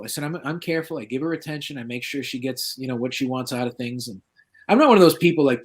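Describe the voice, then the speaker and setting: This guest paranormal researcher, a middle-aged man from southeastern Massachusetts, is a fast talker with a moderate pitch. His casual storytelling is relaxed and anecdotal, turning lively whenever he voices the people he's quoting.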